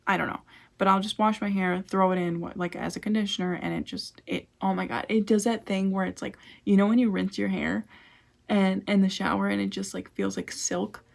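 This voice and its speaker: Chatty young woman with a gravelly edge. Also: medium pitch, fairly even intonation, brisk. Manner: chatty, full of "like" and "um" fillers. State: out of breath. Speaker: beauty vlogger. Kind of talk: casual product review.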